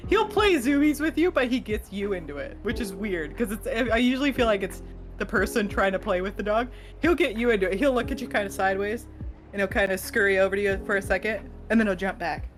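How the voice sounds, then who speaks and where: A woman co-hosting a podcast in casual chat, an animated storyteller who laughs often and acts out voices. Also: medium pitch, fast, faint music behind. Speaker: podcast co-host.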